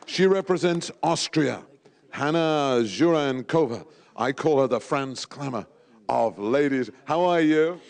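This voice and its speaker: A man's voice: mid-range voice, animated, a little slow, vocal fry, a little mellow. A man emceeing a live race draw, playful and teasing with frequent chuckles. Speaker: master of ceremonies at a race draw. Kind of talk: live event announcing.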